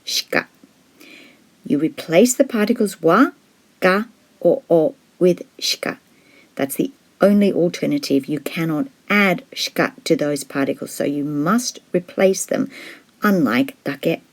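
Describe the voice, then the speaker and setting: Low, gravelly woman teaching a lesson. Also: lively intonation. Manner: measured, explanatory, slows down to model example words. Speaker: language teacher. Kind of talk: scripted lesson narration.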